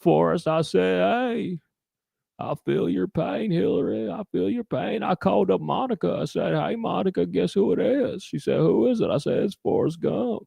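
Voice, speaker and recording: A man doing a comic impression of a simple-minded Southern man with presidential airs, slow and drawling. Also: sits high, gravelly, mellow, slightly rough, no echo, voice pushed up, exaggerated voice. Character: dim-witted Southern man mashed up with a president.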